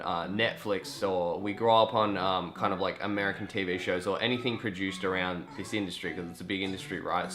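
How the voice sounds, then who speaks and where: Young Australian guy vlogging, slightly low, sharp bright voice, casual and chatty with the odd swear. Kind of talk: casual storytelling vlog.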